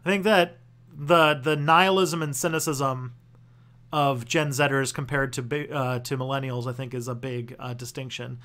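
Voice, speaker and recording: A young adult man hosting a casual livestream Q&A, answering viewer questions in a rambling, halting way with constant restarts and the odd swear word. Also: medium pitch, little pitch movement, bright, forceful tone. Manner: loose and profane.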